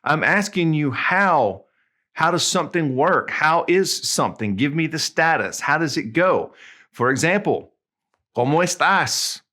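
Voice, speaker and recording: A man with a Southern US accent, teaching in a casual video lesson, chatty and friendly, spelling out examples slowly. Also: fairly high pitch, animated, pushed and bright. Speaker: Spanish tutor.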